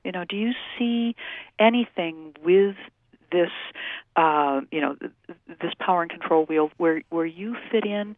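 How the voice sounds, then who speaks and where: A woman who works in domestic violence services, explaining things in a measured way with many fillers during a phone-in radio interview. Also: on the low side, no echo. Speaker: domestic violence program staff. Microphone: telephone. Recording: tinny phone line.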